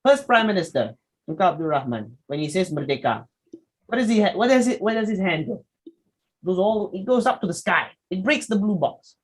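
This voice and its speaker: A young man with a high-pitched, husky voice leads a public speaking workshop, presenting a slide lecture on poor audio. He moves through the slides lively, pausing to ask listeners questions and slipping into short acted examples to make each point.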